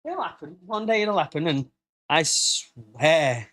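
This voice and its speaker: A man from the United Kingdom hosting a casual live podcast, joking and laughing, now and then breaking into silly high-pitched quoted voices. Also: very animated, takes it slowly, a bit bright. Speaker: podcast host.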